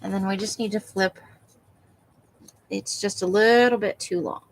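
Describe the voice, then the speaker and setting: A woman's voice: mid-range voice, fairly even intonation, a little slow, a little hiss or hum, low-quality recording. A woman hosting a crafting livestream, chatting casually with viewers while she works and laughing often. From Nevada.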